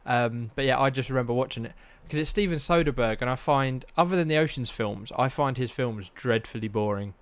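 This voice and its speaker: A man's voice: medium pitch, fairly quick, few pauses. A man co-hosts a casual film chat. He talks in an easygoing, rambling way and gives his views drily. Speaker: podcast co-host.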